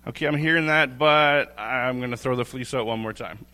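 Bright-voiced man preaching in a reverberant hall. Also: mid-range voice, normal speed. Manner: candid, self-deprecating, chuckles often, restarts phrases. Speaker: lay preacher. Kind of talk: informal sermon. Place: church sanctuary.

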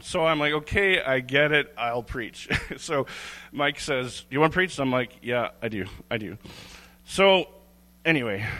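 A man's voice: a little high, sharp tone. A man giving an informal, candid church sermon, chuckling and restarting his phrases as he talks. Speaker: lay preacher. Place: church sanctuary. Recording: long hall reverb.

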